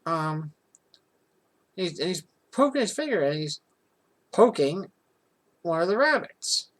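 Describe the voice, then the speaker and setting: Rambling, animated storyteller vlogging. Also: medium pitch, slow. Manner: rambling and animated, with many restarts; tells it with rising indignation. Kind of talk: casual personal storytelling.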